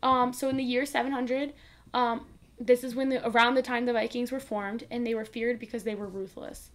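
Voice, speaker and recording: A woman's voice: a little high, level tone, fairly quick. A woman co-hosting a podcast, explaining a history segment at length in a loose, informal way. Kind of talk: casual chat.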